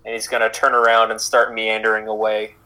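A man narrating as game master in a casual, halting way with many fillers. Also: fairly low pitch, completely flat delivery, pushed and bright, rough recording.

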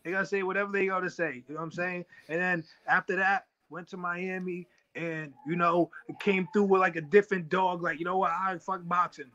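A boxer in his thirties telling stories in a casual interview, animated and acting out other people's lines. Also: high-pitched, brisk, few pauses, muffled recording.

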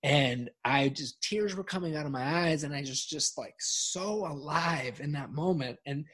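A middle-aged man, a guest on a podcast, telling a personal story in an animated, self-mocking way and laughing often. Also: a little high, unhurried, breathy edge. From United States.

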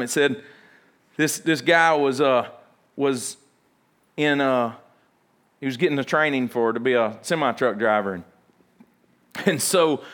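A male preacher with a fairly high voice, delivering a sermon. He tells stories in a folksy, animated way. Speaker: pastor.

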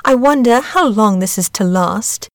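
A woman's voice: a little high, animated, measured pace, no echo, clean studio sound. Fretful mother duck, read by a woman. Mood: fussing. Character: fussy proud mother duck.

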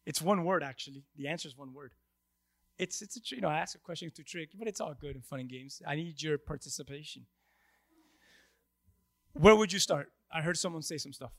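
A male pastor with a notably high voice preaches to his congregation. He talks to them conversationally, asks them questions and acts out the voices in the scripture. The sound is close and dry, with little room echo. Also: fairly quick, fairly bright tone. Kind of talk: sermon.

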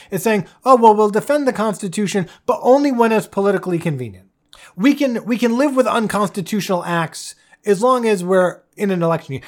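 A podcast host delivers a solo political rant, indignant and worked up, with blunt swearing. The speaker is from the United States and often restarts sentences while pushing the point home. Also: mid-range voice.

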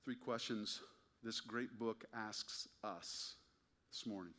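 A man's voice: lowish voice, takes it slowly, pushed and bright. A man preaching a sermon to his congregation, emphatic and wry, often asking pointed rhetorical questions. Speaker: pastor.

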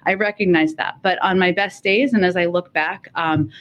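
Woman spokesperson, low voice, halting farewell speech, lots of "um"s. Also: fairly even intonation, highs cut off. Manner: halting, many fillers, fighting emotion. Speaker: press secretary at a briefing. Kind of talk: formal farewell remarks at a podium.

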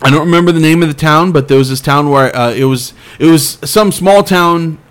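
A man's voice: a little high, fairly quick, fairly bright tone, smooth. A man hosting a podcast in casual chat, rambling and self-deprecating with many restarts. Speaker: podcast host.

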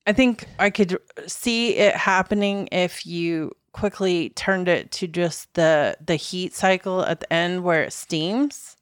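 A woman's voice: on the low side, slow, hardly any pauses, smooth, no room sound. A woman co-hosting a casual studio chat, skeptical and teasing. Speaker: co-host.

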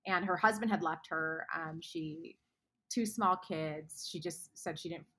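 A woman guest author speaking earnestly in a faith podcast conversation, often dropping to hushed tones. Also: deep voice, measured pace, slightly rough.

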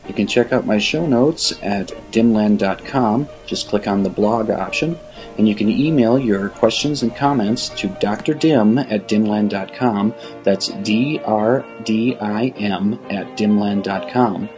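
Low-ish guy reading his show outro, steady, soft guitar music behind. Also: measured pace. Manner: steady, reads out contact details. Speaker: radio show host. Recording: voice over faint guitar music.

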